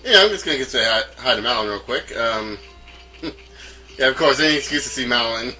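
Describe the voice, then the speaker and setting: Let's-play host from North Carolina, a man; casual, stammering, chuckly commentary with lively pitch. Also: fairly quick, rough recording. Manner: rambling, stammering, chuckles a lot. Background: game music.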